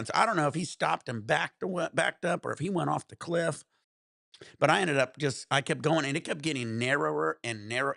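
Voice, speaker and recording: A man telling stories on his livestream in a casual, profane, animated rant. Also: on the high side, gravelly, no room sound, clean studio sound. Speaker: livestream host. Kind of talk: casual storytelling to stream chat.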